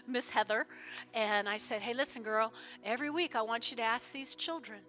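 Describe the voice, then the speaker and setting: Woman pastor preaching at church, fervent, crisp bright voice, soft music under it. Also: fairly high pitch, moderate pace. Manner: fervent, with sudden loud bursts and soft prayerful stretches. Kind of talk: sermon with altar call prayer. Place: church service.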